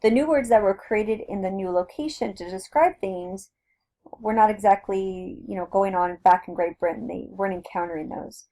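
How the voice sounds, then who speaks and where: A woman teacher with a Southern Californian accent talks through a recorded lecture. She speaks at an ordinary pitch and keeps it casual and conversational, explaining step by step with plenty of fillers and restarts. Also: normal speed, dark tone. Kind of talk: recorded flipped-classroom lecture.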